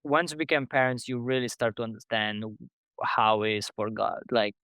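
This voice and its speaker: A man hosting a podcast interview, speaking as an in a halting way full of restarts and fillers. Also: medium pitch, fairly bright tone, smooth, no room sound. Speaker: podcast host. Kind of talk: conversational interview.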